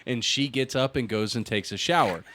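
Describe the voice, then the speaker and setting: A man hosting a podcast, teasing and blunt, quick to laugh in casual chat. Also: medium pitch, a bit bright, slight background noise. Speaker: podcast host.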